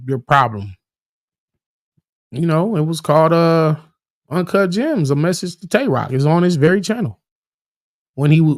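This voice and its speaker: Animated, profane male battle rap commentator. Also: fairly high pitch, no room sound, clean studio sound. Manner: animated, profane, restarts words often; acts out quoted arguments in a raised voice. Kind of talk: casual livestream commentary.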